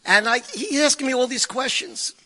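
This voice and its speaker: A man telling stories to an audience in an animated way, repeating phrases and dropping Yiddish and Hebrew words. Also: very high voice, moderate pace, long reverb tail. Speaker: guest speaker telling stories. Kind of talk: storytelling talk to an audience.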